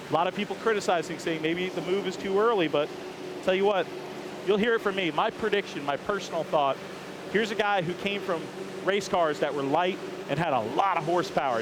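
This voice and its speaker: A man hosting a walking tour of a race garage, chatting upbeat and joking with crew members outdoors. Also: sits high. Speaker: host. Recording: faint outdoor background noise.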